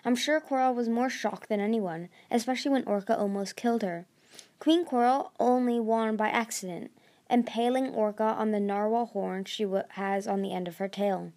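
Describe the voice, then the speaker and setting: A woman's voice: a little high, moderate pace, darkish tone, close to an everyday voice. A woman voicing a clever, nerdy young male dragon who lectures and stammers when flustered in a storybook reading. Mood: lecturing.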